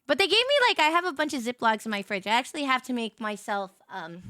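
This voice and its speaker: A woman's voice: fairly high pitch, very animated, fast talker, sharp tone, no room sound, clean studio sound. A young woman streamer chatting casually on a livestream, telling stories animatedly and greeting viewers by name.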